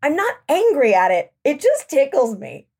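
A woman's voice: high voice, wildly swooping pitch, normal speed, creaky, darkish tone. A woman chatting as a podcast guest, talking in a hedging, rambling way with many fillers. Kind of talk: casual chat.

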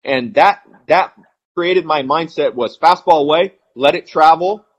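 A man in his forties, a retired ballplayer, telling blunt and animated stories as a podcast guest. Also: on the high side, muffled recording. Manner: blunt, animated, fast-flowing anecdotes. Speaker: retired baseball player, guest. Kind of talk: podcast interview storytelling.

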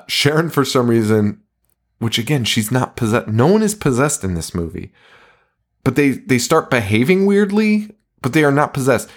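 A man in a relaxed podcast chat, recapping a film scene by scene. His pitch swoops up and down as he jumps from scene to scene, breaking into laughter and cursing at the odd parts. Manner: animated, swearing, laughing while retelling scenes. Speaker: podcast co-host. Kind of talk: casual movie recap chat.

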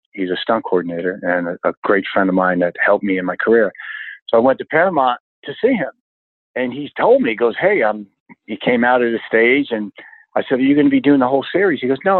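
An older man in his sixties spins animated stories about his stunt career, exclaiming as he goes. His voice sits a bit low and comes through a dry, tinny, phone-like line. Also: no room sound. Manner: animated anecdotes, exclaims often. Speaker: stunt coordinator guest. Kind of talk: storytelling interview chat.

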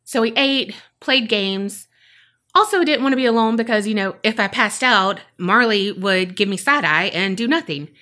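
This co-host, a woman in her 30s, shares a personal anecdote during a relaxed podcast chat and performs her earlier comments. She speaks at a moderate pace with a medium-pitched, expressive, sharp-toned voice.

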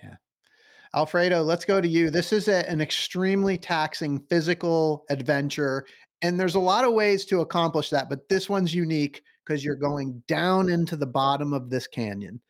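A man's voice: a little high, moderate pace. A male podcast host interviewing his guests in an encouraging way, asking reflective questions. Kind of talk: conversational interviewing.

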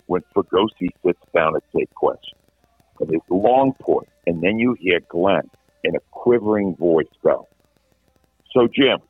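A middle-aged man, a veteran sports radio host, telling stories in animated casual chat with many restarts. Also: low voice, husky, dry recording. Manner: animated anecdotal, frequent restarts. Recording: tinny phone-like line.

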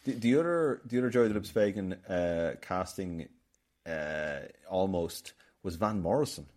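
A man's voice: low-pitched, animated, measured pace, a little mellow. An Irish man hosting a casual film podcast, rambling and telling stories with lots of restarts. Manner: chatty, rambling, storytelling with many restarts. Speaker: podcast host.

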